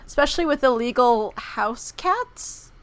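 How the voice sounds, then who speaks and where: A woman with a fairly high voice co-hosts a casual podcast. She breaks in with quick reactions and dry jokes. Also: lively intonation, a bit bright, dry recording. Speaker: podcast co-host. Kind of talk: casual chat.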